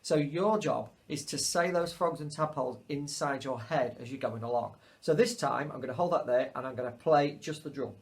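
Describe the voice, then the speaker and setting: A man's voice: mid-range voice, moderate pace, few pauses, background noise. A man teaching a remote music lesson to children, patiently spelling out rhythms.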